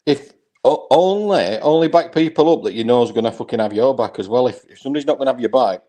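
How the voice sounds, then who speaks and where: A man's voice: mid-range voice, quick pace, dark tone. A middle-aged man with a Yorkshire accent, chatting casually as a caller, blunt, matey and swearing constantly. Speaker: caller in a live chat. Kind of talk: casual chat.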